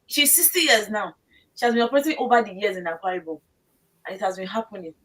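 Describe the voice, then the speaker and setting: A woman's voice: medium pitch, fast talker, fairly bright tone, poor audio. A woman co-hosting a talk show, recounting stories earnestly. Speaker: co-host.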